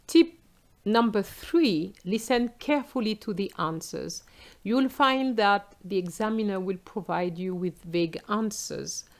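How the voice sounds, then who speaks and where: French lady teacher, slow careful delivery, french accent, explaining exam tips. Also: medium pitch. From France. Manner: slow, clear explaining, switching into example phrases.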